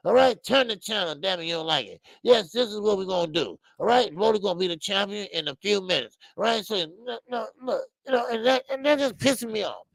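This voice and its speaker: A man's voice: high-pitched, gravelly, no room sound. Heated male boxing show host. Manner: heated, animated, repetitive fillers. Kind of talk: casual opinionated commentary.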